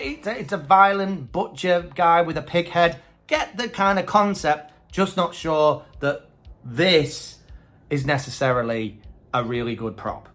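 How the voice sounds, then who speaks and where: A man's voice: on the high side, a bit bright. A man hosting a casual video review, chatting with hesitant opinions. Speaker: host.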